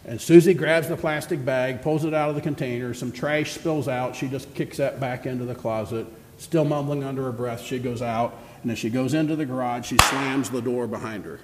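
A man's voice: mid-range voice, fairly even intonation, moderate pace, few pauses, noisy background. A man preaching a sermon as pastor, telling stories in a conversational way and asking the congregation questions. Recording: echoey hall reverb.

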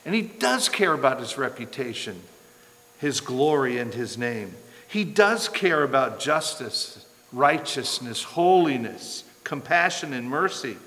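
A man's voice: medium pitch, sing-song, unhurried, fairly bright tone. A man preaching a sermon, telling a story and acting out the voices in it, rising to impassioned pleas. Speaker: pastor. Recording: long hall reverb.

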